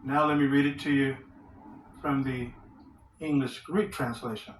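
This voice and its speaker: A man teaching from the Bible in a sermon, reading verses aloud slowly and asking rhetorical questions. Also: mid-range voice, steady tone, slight background noise. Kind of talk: scripture study sermon. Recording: roomy echo, distant from the mic.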